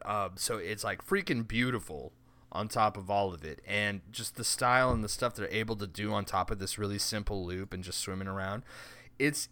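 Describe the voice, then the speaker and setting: A man co-hosting a casual gaming chat, joking and laughing often. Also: fairly low pitch. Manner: animated, laughs often, jokey asides. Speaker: podcast co-host.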